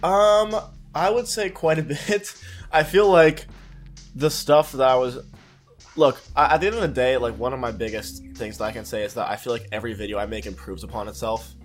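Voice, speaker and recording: An excitable young man talks about his videos as a podcast guest. He swears casually and often trips over his own sentence starts. Faint music plays under his voice. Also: medium pitch, a little fast. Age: young adult. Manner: excitable, swearing, many restarts. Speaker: guest YouTuber.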